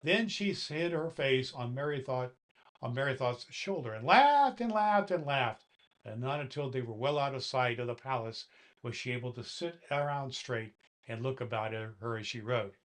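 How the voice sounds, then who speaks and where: A man in a Santa Claus role, gently reading a children's story aloud and talking to the boys and girls listening. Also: medium pitch, lively intonation, normal speed.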